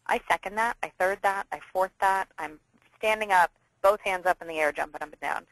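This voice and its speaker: Bubbly bright-voiced woman host. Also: mid-range voice, dry recording, rough recording. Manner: bubbly, enthusiastic, talks in quick bursts. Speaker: interview host. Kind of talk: casual business interview.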